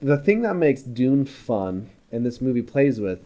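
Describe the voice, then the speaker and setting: A man co-hosting a film podcast, talking in an animated, chatty way and jumping between thoughts. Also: mid-range voice, a little slow, muffled recording. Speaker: podcast co-host. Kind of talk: casual film discussion.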